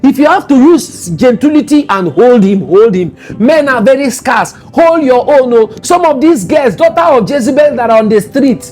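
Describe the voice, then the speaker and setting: A Nigerian motivational speaker talks at normal speed in a very high-pitched, slightly mellow voice with lively intonation, barely pausing. He's emphatic and repetitive, adding teasing asides and slipping into mocking voices.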